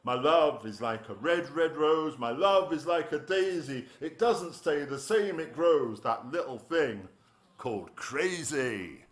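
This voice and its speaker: A man's voice: a little high, lively intonation, slow. A man performing his poems live in a studio, punchy and rhythmic, with playful asides between pieces. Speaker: performance poet. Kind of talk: live poetry reading.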